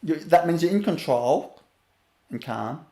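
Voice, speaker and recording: A man giving a spiritual webinar talk, laughing often between phrases and sinking to a soft low voice to show calm. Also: measured pace, echoey room. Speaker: spiritual teacher.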